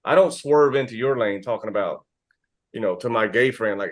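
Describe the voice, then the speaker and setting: This podcast co-host, an American man with a fairly low voice, talks briskly. He's an animated storyteller in casual conversation who swears without holding back.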